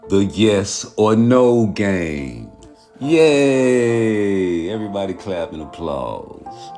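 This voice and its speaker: A man voicing a hyped male game-show announcer, drawn out and shouting. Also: on the low side, big pitch swings, drawn-out words, faint music behind, heavily acted.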